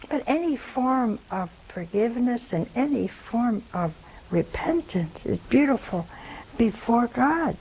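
Gravelly older woman preaching folksy sermon. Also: on the high side, big pitch swings, measured pace, a little mellow, rough recording. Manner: folksy, humorous, acts out quoted dialogue. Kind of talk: sermon with storytelling.

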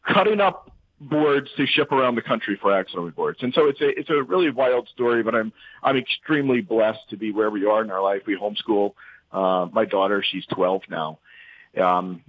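Man on a tinny line. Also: on the low side. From central Louisiana. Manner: animated, halting with restarts and fillers. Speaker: interview guest. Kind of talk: casual faith interview. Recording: tinny phone-like line, dry.

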